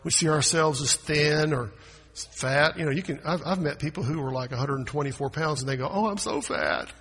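A man preaching a sermon as pastor, swinging from quiet asides to loud, emphatic proclamations. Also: a little high, fairly even intonation, fairly quick, slightly rough. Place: church sanctuary. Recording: long hall reverb.

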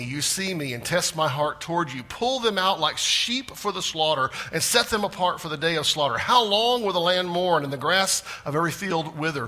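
A man preaching a sermon with big swings in pitch and loudness, sometimes dropping to a hushed voice for emphasis. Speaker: pastor.

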